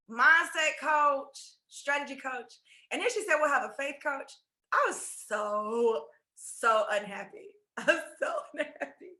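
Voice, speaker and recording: A woman faith coach telling stories in a casual interview, animated and laughing, acting out dialogue. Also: sits high, reverberant. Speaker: podcast guest, faith coach.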